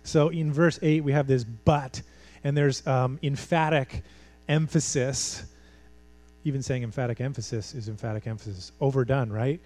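A man's voice: medium pitch, steady tone, fairly quick, dark tone, dry recording. A man preaching a sermon in a church, talking conversationally, pressing his points with emphasis and rhetorical questions. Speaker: pastor.

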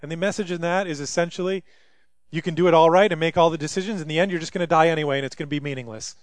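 Animated high-voiced male preacher. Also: rapid-fire, dry recording. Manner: animated, dramatizes scripture voices, rising loudly for emphasis. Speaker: pastor. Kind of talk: sermon.

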